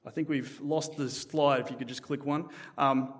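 A man preaching a sermon in a church in a conversational, animated way, often restarting his sentences. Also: medium pitch, moderate pace, in a large hall. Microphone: microphone.

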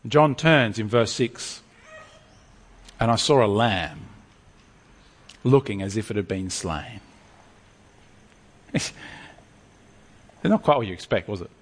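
Animated preacher with a lively voice. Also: male voice, fairly low pitch, takes it slowly, long pauses, husky, long reverb tail. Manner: lively, animated, stammering restarts. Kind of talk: sermon.

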